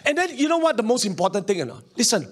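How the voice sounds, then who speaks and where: High-voiced pastor with a lilt. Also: male voice, sing-song, racing. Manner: emphatic, repetitive, calls for congregation responses; chuckles often between points. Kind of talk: sermon.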